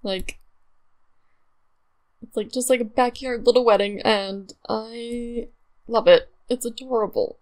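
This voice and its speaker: A woman's voice: fairly high pitch, takes it slowly, long pauses, darkish tone. A young woman chatting casually over her gameplay, bubbly and gushing, with lots of fillers. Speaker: let's play gamer.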